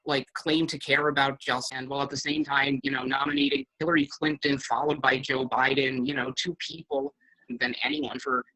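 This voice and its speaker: A bright-voiced man talks as a guest on a casual podcast. He works through his thoughts out loud, hesitating often and falling back on filler words. His pitch sits in a middle range. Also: flat delivery, fairly quick, rough recording. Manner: hesitant, many fillers, thinking aloud.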